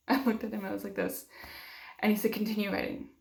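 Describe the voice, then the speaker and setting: A woman's voice: mid-range voice, little pitch movement, fairly quick, vocal fry, darkish tone. A young woman telling a personal story in a vlog, emotional and acting out what others said to her. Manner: emotional, acts out quoted dialogue, many fillers. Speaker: vlogger. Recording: roomy echo.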